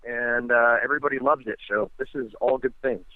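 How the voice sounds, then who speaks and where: A man's voice: medium pitch, fairly even intonation, no echo. American man on a tinny phone line. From United States. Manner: halting, frequent ums and restarts. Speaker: guest fighter. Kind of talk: phone interview.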